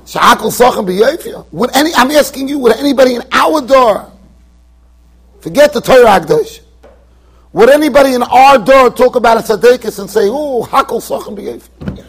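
A man with a strikingly high, husky voice teaches a Torah class in a yeshiva study hall. He lectures with emphasis, throws rhetorical questions at his listeners and circles back over the same phrases. He often stumbles into quick restarts as he builds an argument. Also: expressive.

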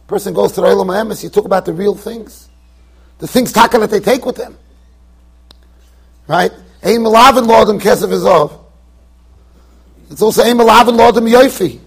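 A man with a strikingly high, husky voice teaches a Torah class in a yeshiva study hall. He lectures with emphasis, throws rhetorical questions at his listeners and circles back over the same phrases. He often stumbles into quick restarts as he builds an argument.

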